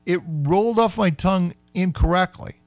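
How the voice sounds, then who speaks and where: A man hosting a sports radio show, chatting casually and playfully, sometimes slowing right down to sound out words. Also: high voice, no echo, faint music behind.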